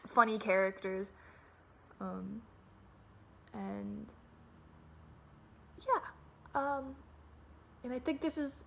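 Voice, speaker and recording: Speaking extremely slowly and pausing often, a young adult woman talks candidly to her phone camera at home in a casual vlog monologue, rambling, swearing freely, and restarting sentences. Her voice is on the high side, gravelly, bright and forceful. A little hiss or hum is audible.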